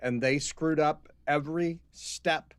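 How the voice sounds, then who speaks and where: A man appearing as a movie-critic guest on a casual podcast chat, wry and given to deadpan quips. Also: fairly high pitch, takes it slowly, clear, resonant tone, no room sound. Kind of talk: casual live-stream chat.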